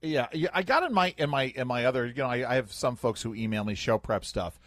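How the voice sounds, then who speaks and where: Halting man hosting talk radio. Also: medium pitch, lively intonation, a bit bright. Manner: halting, many fillers and restarts. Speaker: morning radio host. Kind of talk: casual talk radio chat. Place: radio studio.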